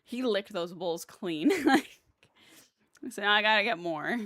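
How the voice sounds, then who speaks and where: A woman's voice: lively intonation, a little slow, fairly bright tone, dry recording, clean studio sound. A young woman livestreaming a video game, chatting casually and rambling with lots of fillers, laughs and playful voices for her cats. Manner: talks to her pets in playful squeaky voices. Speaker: streamer playing a video game. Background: game music.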